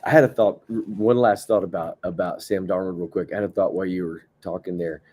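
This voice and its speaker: A man's voice: deep voice, fast talker, breathy edge. A man co-hosting a podcast, talking casually and laughing easily, with many "like" fillers. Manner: relaxed, laughs often, fillers like "like". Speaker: podcast co-host. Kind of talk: casual sports banter.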